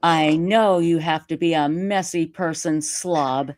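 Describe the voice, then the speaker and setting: A woman live streamer telling a story in casual interview chat, animated and self-mocking, laughing often. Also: sits low, takes it slowly. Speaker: YouTube live streamer reading a letter.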